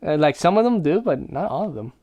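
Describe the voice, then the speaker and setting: A man's voice: fairly high pitch, animated, quick pace, dry recording, narrow, tinny audio. A man co-hosting a casual film review podcast, goofy and self-deprecating, joking along with his co-host. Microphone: close podcast mic.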